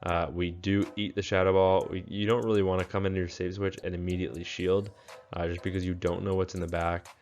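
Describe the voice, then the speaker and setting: A young man giving relaxed gameplay commentary, tired and full of fillers. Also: low voice, a little fast, slight background noise. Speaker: game commentator.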